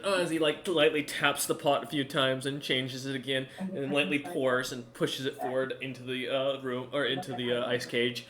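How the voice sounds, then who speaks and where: Bright-voiced man narrating a game. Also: medium pitch, level tone, normal speed, few pauses. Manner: narration full of fillers and self-corrections. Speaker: game master.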